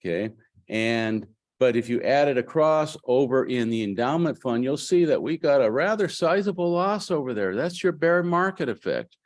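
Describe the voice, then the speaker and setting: A man's voice: medium pitch, expressive, normal speed. A man presenting financial statements at a meeting in a folksy, joking way, with asides to the audience.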